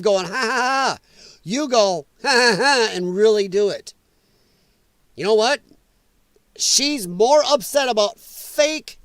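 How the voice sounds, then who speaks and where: Guy hosting a podcast, ranting hard and swearing, kinda high voice, dry mic. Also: a bit bright, dry recording. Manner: angry, blunt, profane. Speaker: podcast host. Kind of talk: ranting news commentary.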